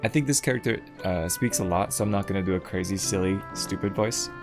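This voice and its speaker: A man's voice: low-pitched, quick pace. A man streaming a video game, commenting in a playful, chatty and self-deprecating way. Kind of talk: casual gameplay commentary. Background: game music.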